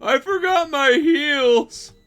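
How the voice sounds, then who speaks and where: A woman's voice: deep voice, very animated, normal speed, bright, forceful tone, faint music behind, heavily acted. A man voicing a careless, flustered woman tenant who keeps apologizing while ignoring warnings.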